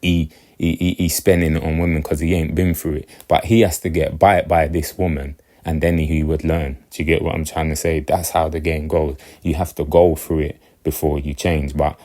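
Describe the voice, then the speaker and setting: A man talking in a very low, deep voice. His casual monologue rambles and loops back on itself. He keeps asking whether the listener gets what he means. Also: flat delivery, moderate pace, hardly any pauses, dark tone. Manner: rambling, repeats himself, keeps checking "you get me". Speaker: commentator.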